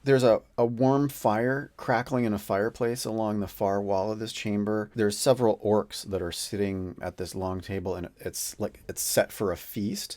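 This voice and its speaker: A man's voice: lowish voice, a little mellow, no room sound. A man narrating a solo tabletop game as game master, casual and rambling.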